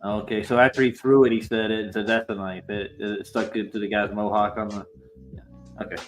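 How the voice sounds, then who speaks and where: A man's voice: lowish voice, level tone, fairly quick, soft background music. A man in casual chat, asking curious questions of his co-hosts.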